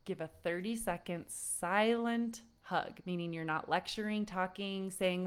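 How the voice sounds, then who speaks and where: A woman parenting coach giving an online lesson to parents, animated and often laughing as she acts out frustrated parents. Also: fairly low pitch, a little slow, hardly any pauses, clear, resonant tone.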